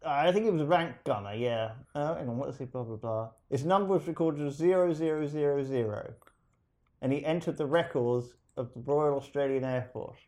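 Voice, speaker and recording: A man's voice: medium pitch, a little fast, a little mellow. A man telling a story in a casual chat with a friend, rambling with restarts.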